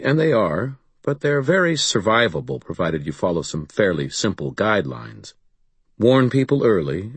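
A man reading first-person fantasy audiobook narration in a measured, deliberate storytelling manner. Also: low voice, slightly rough, no echo.

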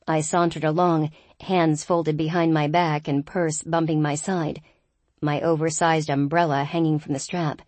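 A woman's voice: low-pitched, flat delivery, measured pace, a little mellow, no echo. A woman narrating a first-person audiobook in a wry, lightly humorous storytelling manner.

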